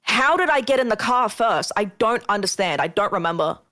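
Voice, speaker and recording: A woman telling a ghost story on a casual podcast, animated and swearing often, acting out what people said. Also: mid-range voice, brisk. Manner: animated, swearing, acts out quotes. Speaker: guest.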